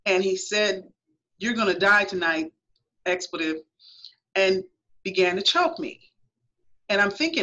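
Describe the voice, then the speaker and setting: A woman guest author on a radio talk show recounts her own story with earnest emphasis, acting out what she once thought. Her mid-range voice is expressive, bright, and forceful, unhurried with frequent pauses, and the audio is lo-fi radio quality.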